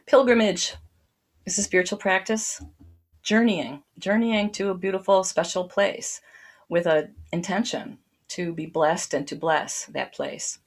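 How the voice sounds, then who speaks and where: A woman with a somewhat low voice speaks to a group. She reads her prose slowly and lyrically. Then she talks about spiritual matters in an easy, enthusiastic storytelling way. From United States. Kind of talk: reading lyrical prose, then casual talk.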